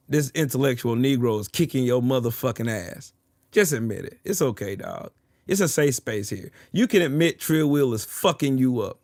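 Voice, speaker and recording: A man's voice: medium pitch, lively intonation, moderate pace, creaky, no echo, studio quality. A man trash-talking his chat on a livestream, taunting and boasting, repeating his jabs over and over. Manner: profane, boastful. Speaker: streamer arguing with chat.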